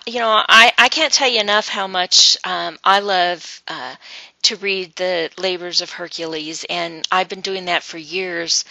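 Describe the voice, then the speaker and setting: A woman's voice: on the low side, gravelly, bright, forceful tone, no echo, dull audio. A woman presenting an online webinar, teaching in a loose, rambling way with many ums and uhs. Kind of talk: informal teaching talk to an online group.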